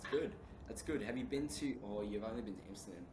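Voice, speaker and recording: A man's voice: lowish voice, lively intonation, fast. A man hosting a podcast, talking casually and laid-back, calling his guest "bro" and "mate". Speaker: podcast host. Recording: echoey room with background noise.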